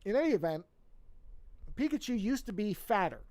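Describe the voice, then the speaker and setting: Sleepy and yawning, a forties-aged artist draws on a live stream while chatting, wandering off on asides and fixing his own words. He sounds high-pitched and sing-song, a little mellow, at a moderate pace.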